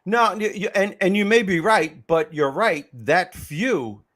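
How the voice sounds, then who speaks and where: Emphatic storytelling man, slightly high. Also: lively intonation, a little slow, fairly bright tone. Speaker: host. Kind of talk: podcast conversation.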